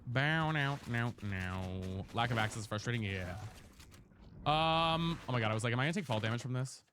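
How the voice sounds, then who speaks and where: A woman chatting casually with viewers while streaming a game, playful and quick to thank people for gifts, just over an ear and respiratory infection. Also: extremely low pitch, animated, background noise. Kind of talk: casual live-stream chat while gaming.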